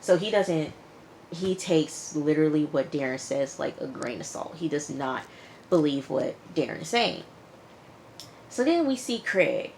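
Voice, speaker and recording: A woman's voice: low-pitched, lively intonation, measured pace, darkish tone, slight background noise. A woman giving a casual recap of a TV episode, retelling scenes with "he was like" and making frank asides to the viewer. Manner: chatty retelling, quotes characters with "he was like". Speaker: TV show reviewer.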